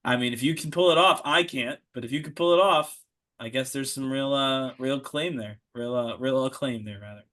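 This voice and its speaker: A man's voice: medium pitch, moderate pace, fairly bright tone. An American man hosting a podcast in casual chat. He is easygoing, laughs often and restarts his sentences. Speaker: podcast host.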